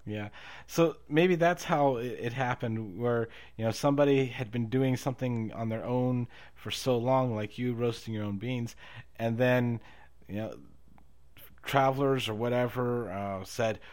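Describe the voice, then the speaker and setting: A man in a mid-pitched voice talking through an idea in a relaxed conversation. He hesitates and restarts as he works his thoughts out, and he laughs easily. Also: unhurried. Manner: thinks aloud with many fillers and restarts, laughs often. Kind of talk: casual conversation.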